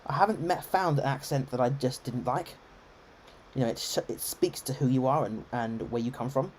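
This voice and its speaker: Casting: English RP man, mid-pitched, rambling streamer commentary, lots of ums. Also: moderate pace, a little mellow, slight background noise. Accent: English, received pronunciation. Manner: chatty, rambling, many ums and restarts. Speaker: game streamer. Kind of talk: live gameplay commentary.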